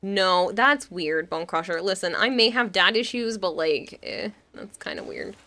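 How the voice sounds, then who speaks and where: A woman's voice: mid-range voice, expressive, measured pace, pushed and bright. A woman streamer in casual live-stream chat, rambling and laughing often while she answers chat. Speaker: game streamer.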